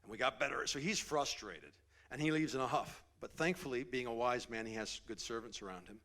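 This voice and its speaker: A male preacher tells a story with loose, animated energy, stumbling and restarting as he goes. His voice sits in an ordinary middle pitch, and at times it falls to a hushed whisper to build tension. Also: fairly quick. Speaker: pastor. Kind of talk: sermon storytelling.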